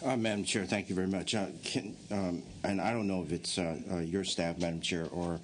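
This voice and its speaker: Low-voiced male legislator, halting, restarts often, mild room noise. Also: fairly even intonation. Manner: halting, many fillers and restarts. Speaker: committee member. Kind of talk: legislative hearing questioning.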